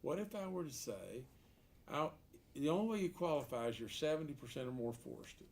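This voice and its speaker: A man's fairly high, animated voice with a darkish tone comes a little fast as he, a political candidate, answers an editorial board around a meeting room table. The unscripted reply is folksy and emphatic, full of repeated words and rhetorical questions.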